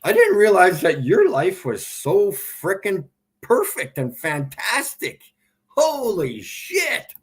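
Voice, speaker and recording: A livestream host rants at viewers' comments, sarcastic and exasperated. His voice is high, with wildly swooping pitch, and he speaks slowly.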